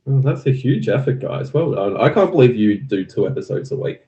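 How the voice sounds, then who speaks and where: A man's voice: mid-range voice, expressive, a little fast, mellow, highs cut off. A man chatting easily as a guest, often laughing. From Australia. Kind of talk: casual chat.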